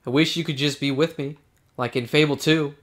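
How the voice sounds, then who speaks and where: A man with a somewhat high voice banters while he plays a video game. He's playful and teasing, slipping into mock-grand lines now and then. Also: fairly even intonation, a little fast, fairly bright tone. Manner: playful, jokey, mock-regal bits. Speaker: gamer. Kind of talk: casual gaming chat.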